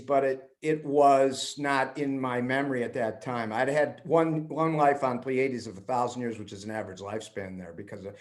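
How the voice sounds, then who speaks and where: A man as a podcast guest, telling a long personal story and acting out the voices of the people in it. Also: mid-range voice. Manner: animated storyteller, acts out quoted voices. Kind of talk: storytelling in conversation.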